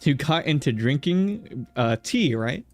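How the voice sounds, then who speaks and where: A man's voice: a little high, expressive, a little slow, no echo, soft background music. A man streaming a visual novel game, joking around and chatting with his viewers and the characters. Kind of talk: casual let's-play chat.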